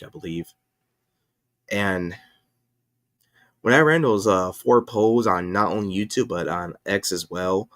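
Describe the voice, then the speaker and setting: Low-voiced man rambling on a stream. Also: a bit bright, no echo, studio quality. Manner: rambling, self-correcting, many fillers. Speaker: livestream host and comic creator. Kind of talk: casual livestream chat.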